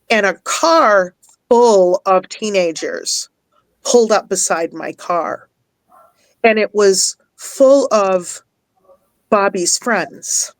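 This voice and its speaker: Woman guest telling an emotional story, earnest, laughs a lot, kinda teary, medium pitch, dry close sound. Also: no echo. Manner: earnest, animated, laughs often, repeats phrases for emphasis; emotional, near tears at times. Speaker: guest, life coach and minister.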